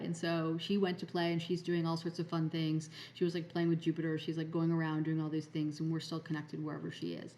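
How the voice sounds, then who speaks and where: A woman's voice: sits low, monotone, a little fast, hardly any pauses, mellow. A woman hosting a podcast, telling a spiritual story in a rambling way, full of fillers and restarts. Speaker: podcast host.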